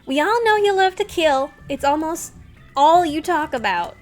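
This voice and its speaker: A young woman streams from home, reading a game's dialogue into a desk mic at a moderate pace, her voice a little high. She swings lively between loud bursts and quiet storytelling, with faint game music underneath.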